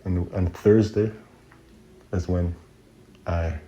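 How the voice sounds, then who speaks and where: Give me a man with a very low voice casually rambling through a personal story, slightly muffled. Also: steady tone, takes it slowly, warm tone. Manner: rambling, slangy, laughs at his own story.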